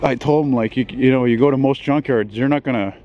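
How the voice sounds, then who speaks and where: A man strolls a city street, filming himself on a handheld camera and chatting in a loose, rambling way, swearing casually and padding his talk with fillers. His voice sits at an ordinary middle pitch. Faint traffic hums in the background. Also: brisk, highs cut off. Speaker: vlogger. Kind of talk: casual walking vlog.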